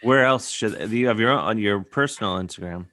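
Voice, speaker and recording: A man hosting a casual talk show, speaking in halting bursts with fillers. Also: on the low side, a bit bright. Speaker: show host. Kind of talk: casual chat.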